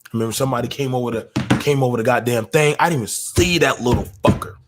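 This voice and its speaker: A man, a military veteran, telling a raw story in the first person, halting and profane with frequent restarts. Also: mid-range voice, very noisy.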